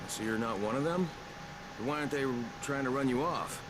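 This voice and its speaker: A man's voice: medium pitch, brisk, noisy background, natural voice. An actor playing a wary male survivor hero in a game, making dry, skeptical remarks.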